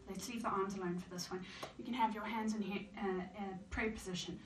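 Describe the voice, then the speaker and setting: A woman's voice: mid-range voice, moderate pace. A woman teaching a yoga class and calling out breathing and squat cues while doing the moves herself, a little out of breath. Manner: calm counting cues while exercising. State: slightly out of breath. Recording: echoey room, mic far off, faint hiss.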